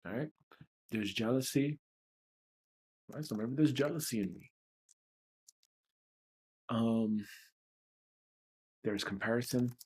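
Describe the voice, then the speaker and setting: A man's voice: mid-range voice, slow pace, long pauses, a little mellow, breathy edge. A man hosting a livestreamed self-help session, talking in a blunt, profane, emotionally raw way. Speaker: host of a tapping session.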